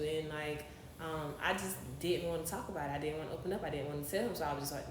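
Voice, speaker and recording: A young woman, telling stories as a podcast guest in an animated, laughing way. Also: sits low, brisk. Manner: animated storytelling, laughs often. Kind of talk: casual interview chat. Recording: roomy podcast audio with faint hiss.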